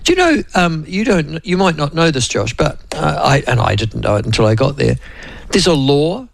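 A man's voice: a little high, sing-song, normal speed, vocal fry, dry recording. A man with a New Zealand accent hosting a talk radio show, rambling and chatty, addressing his listeners and co-host by name. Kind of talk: casual radio chat.

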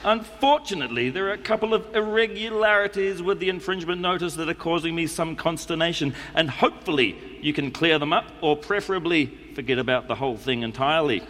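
A man's voice: fairly high pitch, pushed and bright. A man with a New Zealand accent reading a letter aloud to a live audience, in a dry, formal, mock-serious way. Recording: echoey hall, faint background noise.

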